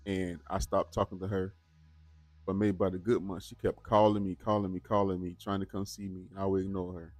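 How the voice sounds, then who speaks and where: Chatty low-voiced man reacting to videos. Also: dry recording. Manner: chatty, talks straight to viewers, repeats words. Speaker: host of a bodycam reaction channel. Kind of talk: casual reaction commentary.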